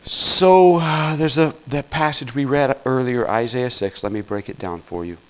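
A man preaching a sermon in an earnest teaching tone, often checking in with "okay?" and swinging between loud emphatic peaks and quiet asides. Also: medium pitch, moderate pace, smooth, rough recording. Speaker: pastor.

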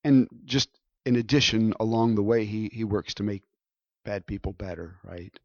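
A man's voice: fairly low pitch, fairly even intonation, moderate pace, creaky, no echo, lo-fi sound. A man preaching a sermon in a conversational way, often checking in with his listeners. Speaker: pastor.

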